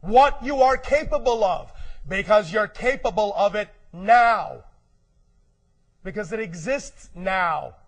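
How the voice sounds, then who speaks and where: A man doing a high, slow, emphatic channeled lecture as a collective "we". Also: lively intonation. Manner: slow, emphatic, declarative, often clears throat; speaks as a collective "we" addressing humans. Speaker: spiritual speaker.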